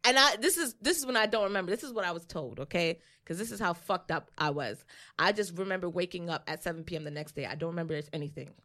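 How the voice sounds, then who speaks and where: A woman's voice: lowish voice, fast talker. A young woman co-hosting a podcast, telling a personal story in casual, profane chat and acting out other people's lines. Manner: profane, animated, acts out quotes. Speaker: podcast co-host.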